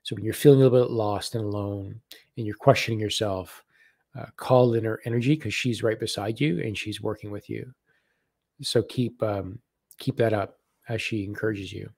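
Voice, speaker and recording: A man giving live spiritual readings on a stream, talking gently and haltingly and repeating words as messages come to him. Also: fairly low pitch, steady tone, vocal fry, breathy edge, no room sound, clean studio sound.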